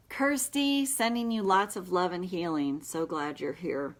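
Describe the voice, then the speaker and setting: Woman, tapping session guide, lowish pitch, slow delivery, emphatic phrases. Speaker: tapping practitioner.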